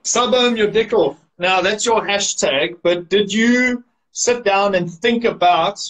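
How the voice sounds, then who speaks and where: A man's voice: high voice, takes it slowly, a bit bright, rough recording. A man hosting a casual interview and asking easygoing questions. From South Africa. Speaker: interviewer, host.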